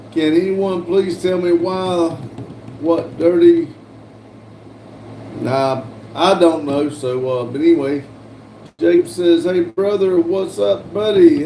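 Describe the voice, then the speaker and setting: Older man, livestream host reading chat; mellow voice, echoey room. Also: on the high side. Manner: reads chat aloud with frequent fillers and restarts. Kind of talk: casual live-stream chat. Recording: echoey room, voice from a distance, faint hum.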